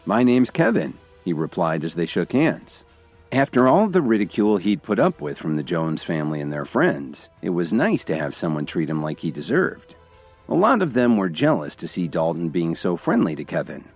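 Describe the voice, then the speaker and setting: A man reading a dramatic story aloud in a deep voice. His pitch moves in a lively way through the telling. Faint music plays beneath him. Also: moderate pace, slightly rough. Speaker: narrator. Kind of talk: storybook narration.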